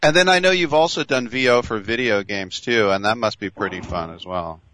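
Bright-voiced enthusiastic man co-host. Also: fairly low pitch, brisk, rough recording. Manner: enthusiastic, starstruck. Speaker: radio show co-host. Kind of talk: casual interview chat.

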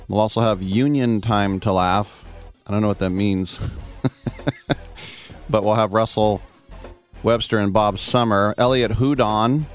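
A man hosting a live sports radio show, talking in a jokey, exuberant way with quick asides. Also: fairly low pitch. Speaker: host. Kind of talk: lively sports radio talk.

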